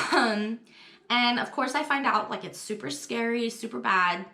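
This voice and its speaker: A young adult woman telling her own story to the camera in a candid, chatty vlog, full of fillers and quick laughs. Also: fairly high pitch, vocal fry, bright, forceful tone, reverberant. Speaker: vlogger.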